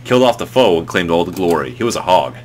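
Animated low-voiced man reading a game aloud. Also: quick pace, a little hiss or hum. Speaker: co-host. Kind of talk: gameplay chat and reading aloud.

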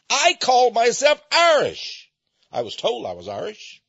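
A man's voice: extremely high pitch, huge pitch swings, measured pace, gravelly, a bit bright, husky, no echo. An American man hosting a radio show, lecturing in an emphatic, folksy monologue and repeating his key points. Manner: folksy and conversational, with chuckles. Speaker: radio host. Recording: dull lo-fi dry recording.

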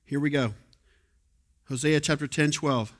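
A male pastor preaching a sermon in a conversational way, moving between quiet asides and loud exhortation. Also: on the high side, fairly even intonation, unhurried. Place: church sanctuary.

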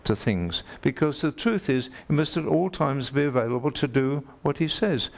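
A man delivering a sermon with a gravelly, creaky edge to his voice. He preaches emphatically, repeats his key phrases and turns to ask his listeners direct questions. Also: medium pitch, expressive, moderate pace.

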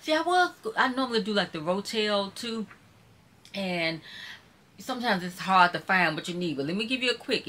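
A woman's voice: on the low side, pushed and bright. A woman from Mississippi with a Southern accent, chatting casually and folksily with viewers on a live stream. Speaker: YouTuber hosting a live stream.

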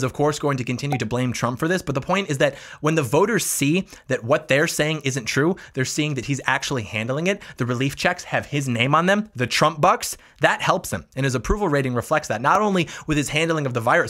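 A man's voice: on the high side, fairly bright tone. A man hosting his own political commentary channel, talking combatively with mocking asides.

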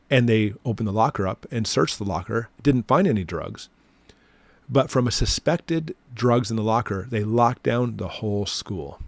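Low-voiced man telling a story, dry sound. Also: a little mellow, no echo. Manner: storytelling, indignant, with many fillers. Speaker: host. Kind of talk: casual monologue to camera.

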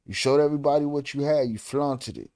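A man with a mellow, darker voice reacts as host, cutting in with short, blunt remarks in casual slang. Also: mid-range voice, brisk. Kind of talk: reaction commentary.

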